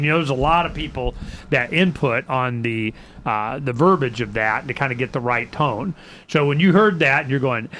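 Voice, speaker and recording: A man's voice: mid-range voice, a bit bright, a little hiss or hum. A man hosting a radio talk show, rambling and acting out both sides of conversations, stammering on repeated words.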